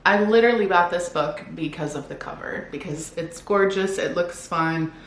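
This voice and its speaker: In a relaxed book haul video filmed at home, a woman talks cheerfully about her latest books and sometimes reads the back-cover blurbs. Her voice sits on the low side at a normal pace, with an echoey room and a little background noise.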